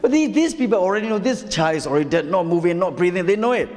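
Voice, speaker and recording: A man's voice: high-pitched, lively intonation, quick pace, a little mellow. A man with a Burmese accent, a pastor preaching an impassioned sermon full of rhetorical questions and calls to the congregation. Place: church hall. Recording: reverberant church hall.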